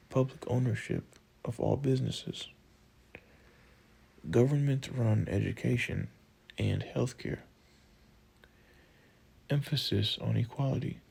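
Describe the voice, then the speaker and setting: A man narrating a textbook audiobook, reading list items in a slow, measured way. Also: mid-range voice, vocal fry, darkish tone, husky, low-quality recording.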